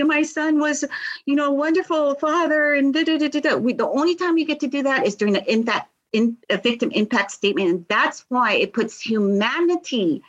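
A woman's voice: a little high, fairly bright tone, slightly rough. Middle-aged woman, impassioned, earnest, slightly muffled audio. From Hawaii. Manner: earnest, impassioned, repeats words. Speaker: victims' advocate, guest. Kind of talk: emotional interview storytelling.

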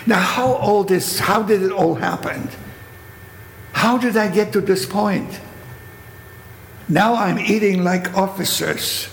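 An older man with a German accent tells his story vividly, now and then acting out the voices of people he quotes. His voice is heavily gravelly and sits a little high. The recording is echoey, with long reverb and faint background noise. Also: takes it slowly, long pauses. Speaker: Holocaust survivor telling his story. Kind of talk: spoken testimony.

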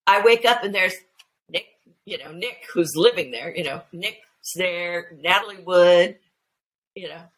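A woman guest telling family anecdotes in a casual, animated way, full of restarts and fillers. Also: lowish voice, measured pace, poor audio. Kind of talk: casual storytelling chat.

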